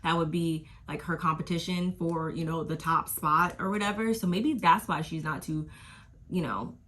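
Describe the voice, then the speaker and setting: Bright, gossipy woman vlogger. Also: deep voice, fairly even intonation, normal speed, slight background noise. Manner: gossipy, slangy, drifts into quoting people. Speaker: reality TV recap vlogger. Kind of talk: casual chatty episode recap.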